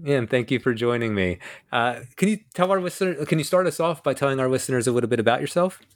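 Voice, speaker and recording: A man's voice: medium pitch, lively intonation, quick pace. A man hosting an academic podcast, introducing his guest and asking questions with many fillers. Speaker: podcast host. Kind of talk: podcast interview.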